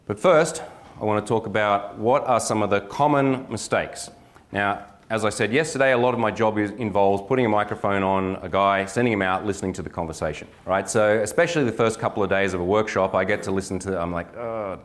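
A middle-aged man, a dating coach, giving a lively workshop lecture with jokes and acted-out examples. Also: lowish voice, a little fast. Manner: energetic, joking, acts out examples.

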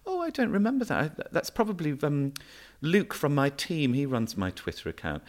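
A man mimicking a prim, defensive woman politician in a raised, brisk voice while telling an anecdote. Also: a little high, big pitch swings, voice pushed up. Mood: flustered.

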